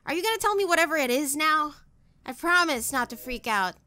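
A woman's voice: high voice, fairly quick, dry recording. A woman voicing a shy, eager furry creature boy who stammers and gets flustered. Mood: nervous. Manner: stammering, bashful, excitable.

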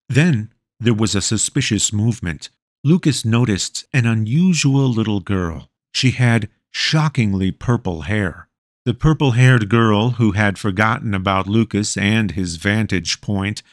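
A man's voice: on the low side, no echo. A man narrating an audiobook in a wry storytelling manner on a close studio mic. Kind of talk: scripted narration.

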